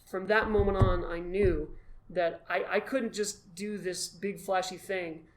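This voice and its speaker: A man as the guest, telling his story in an animated, self-deprecating way and acting out his own past thoughts. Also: high voice, measured pace. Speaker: guest, costumed charity volunteer. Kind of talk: casual storytelling in a conversation.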